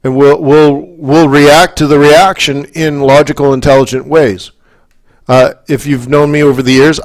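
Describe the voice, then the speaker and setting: Live market commentary for forex traders comes from a Canadian man whose voice is a little high, with flat delivery and a moderate pace. He rambles through asides, checks in with his audience, and gets worked up and emphatic.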